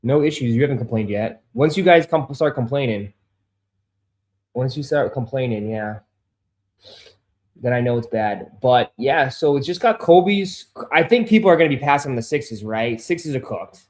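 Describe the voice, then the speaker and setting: A man hosting a casual sneaker livestream who swears, gets easily frustrated and calls his viewers bro and dude, turning loud and insistent when he makes a point. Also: medium pitch, expressive, normal speed. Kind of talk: casual live-stream chat. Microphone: desk microphone.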